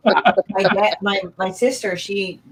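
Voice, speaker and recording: A speaker at an ordinary middle pitch, joking crudely and bluntly in casual stream talk. Clear crowd chatter can be heard behind them. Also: fairly even intonation, unhurried, poor audio.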